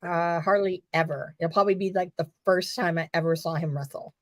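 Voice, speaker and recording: A woman hosting a casual podcast, excitedly retelling a story and swearing freely. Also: fairly low pitch, a little fast, dry recording. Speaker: podcast host.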